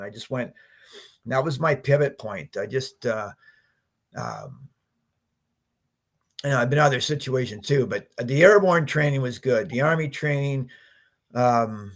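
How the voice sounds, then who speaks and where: Animated man telling a fight story. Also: mid-range voice, measured pace, long pauses. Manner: animated storyteller, acts out his own quotes, laughs often. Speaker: podcast guest. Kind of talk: storytelling interview.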